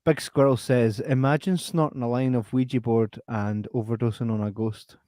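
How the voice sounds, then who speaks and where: A man's voice: mid-range voice, fairly even intonation, normal speed, dark tone, dry recording, studio quality. A man hosting a casual podcast, joking, swearing freely and reading out listener messages. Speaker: podcast host. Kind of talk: casual chat.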